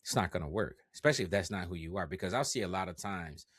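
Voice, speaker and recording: A young man, a content creator guest on a podcast, telling stories in a lively, slangy way and swearing freely. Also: deep voice, quick pace, breathy edge, no echo, clean studio sound. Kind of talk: casual podcast chat.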